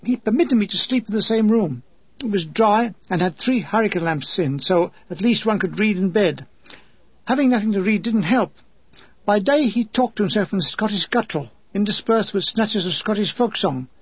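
A man narrates a memoir with dry, deadpan humour. His voice is high and husky. The recording sounds dull and lo-fi, with a close, dry sound. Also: moderate pace, no echo. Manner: dry comic storytelling.

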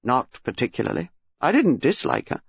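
A man's voice: medium pitch, huge pitch swings, normal speed, creaky, slightly rough, no room sound, lo-fi sound, full character voice. A man voicing a charming young tennis pro who speaks in a careless, offhand way.

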